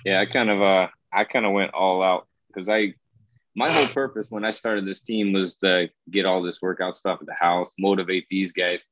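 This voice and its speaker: A man's voice: low-pitched, normal speed, no echo, muffled recording. A man in his thirties, a military veteran, chatting casually on a podcast and acting out his friends' lines as he tells stories. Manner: animated storytelling, acting out quoted friends. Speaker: rowing team member, Air Force veteran.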